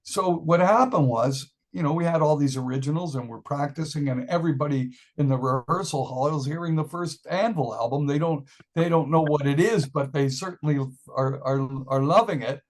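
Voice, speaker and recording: An older man tells a long story in an interview, talking in a rambling way with many restarts. He laughs often and acts out what others said. His voice sits a bit high for a man. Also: moderate pace, hardly any pauses. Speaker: musician guest.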